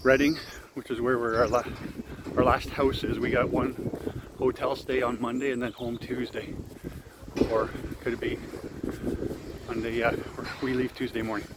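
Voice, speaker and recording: A Canadian man talks through a casual travel vlog at an everyday pitch, rambling along with plenty of ums and uhs. He records outdoors and from a car, with street and traffic noise clearly audible behind him. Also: level tone, moderate pace, long pauses. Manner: chatty, rambling, with frequent fillers. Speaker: travel vlogger.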